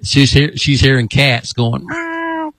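A man's voice: medium pitch, moderate pace, no echo, low-quality recording. A man preaching as a deliverance minister on a broadcast, repeating commands for spirits to come out in a folksy, rambling way. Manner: repetitive commanding exorcism chants.

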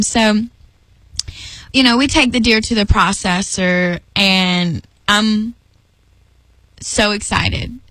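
A woman telling a personal faith story in a lively, chatty way, often laughing and acting out what she said. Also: mid-range voice, no echo, low-quality recording. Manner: lively, chatty, laughs often, acts out her own lines. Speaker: storyteller sharing a faith testimony.

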